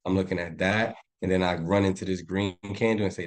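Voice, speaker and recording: A fairly low-pitched man runs a loose, live screen-share lesson. He rambles and talks to himself as he charts, throwing in slang and asides to his students. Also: fairly even intonation, fairly quick. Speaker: trading instructor.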